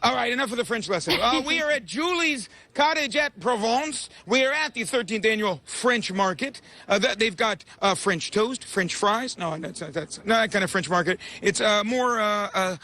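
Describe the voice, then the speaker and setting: A man's voice: sits high, expressive, normal speed, few pauses, pushed and bright. A man doing a live morning-show report from an outdoor market, chatty and playful as he teases and jokes with the people he meets. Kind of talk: live remote reporting, joking banter.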